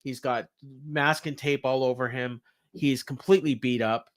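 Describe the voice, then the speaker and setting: A podcast co-host, a man with a medium-pitched voice, recaps a wrestling show casually. His tone stays steady and his pace moderate as he rambles through it with lots of filler words.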